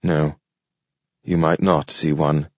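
A man voicing an old, weary male robot with a slow, grave, grating manner. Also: extremely low pitch, level tone, a little mellow, dry recording, pitched below the performer's own voice, heavily acted. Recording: dull lo-fi audio.

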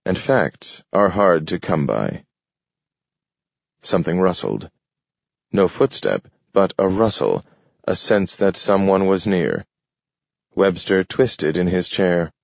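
A man narrating an audiobook story in a measured, descriptive manner, in a dull lo-fi recording. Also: low voice, animated, creaky, dry recording. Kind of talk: scripted narration.

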